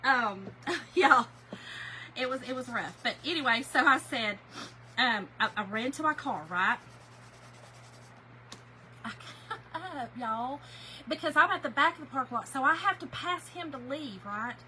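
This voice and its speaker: Bright-voiced chatty woman. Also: sits high, lively intonation, a little slow, long pauses, a little hiss or hum, poor audio. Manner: emotional, teary storyteller. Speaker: crafting livestream host. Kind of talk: chatty storytelling while crafting.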